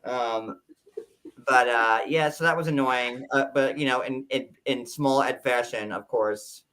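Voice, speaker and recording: Bright-voiced woman. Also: extremely low pitch, a little slow, a little hiss or hum. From Long Island, New York. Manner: rambling, many fillers, frequent laughter. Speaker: recap podcast co-host. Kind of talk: casual chat.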